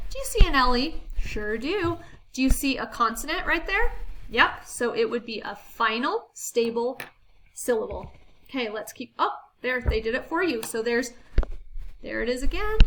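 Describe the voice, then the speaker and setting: A woman teacher giving a phonics lesson to children, reading a story aloud and sounding out words slowly and clearly in an encouraging way. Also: sits high, fairly bright tone, slight background noise, rough recording.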